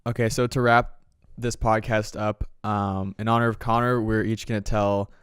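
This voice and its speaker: Smooth-voiced young man telling stories. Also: fairly low pitch, level tone, moderate pace, no room sound, clean studio sound. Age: young adult. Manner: laid-back storytelling with laughs. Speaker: podcast co-host. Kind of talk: casual chat.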